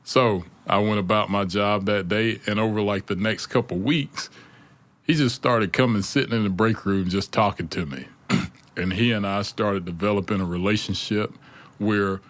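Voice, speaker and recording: Male co-host, deep smooth voice, animated storyteller who laughs easily. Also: normal speed. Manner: animated storyteller, laughs often, acts out quotes. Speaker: podcast co-host. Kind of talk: casual storytelling chat.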